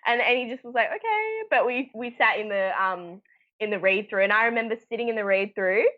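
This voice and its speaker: A woman's voice: medium pitch, fairly even intonation, fast. A young woman, telling a story in casual chat, acting out voices and laughing often. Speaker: actor guest. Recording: muffled lo-fi sound.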